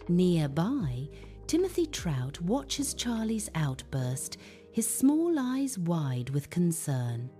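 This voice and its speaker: A woman narrating a children's Bible story, reading aloud expressively. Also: fairly low pitch. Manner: expressive, animated read-aloud. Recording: faint background music.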